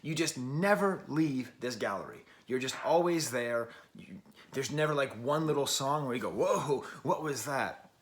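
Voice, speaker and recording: A man's voice: medium pitch, normal speed. A man hosting a music review show, talking through his thoughts in a casual, musing way with long strings of clauses. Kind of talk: casual spoken album review.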